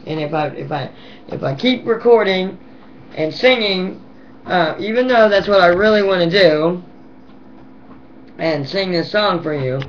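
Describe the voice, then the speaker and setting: A hoarse woman recording a rambling, affectionate and teasing home video message to her children. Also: fairly low pitch, lively intonation, measured pace, long pauses, muffled recording, slight background noise. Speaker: mother addressing her children.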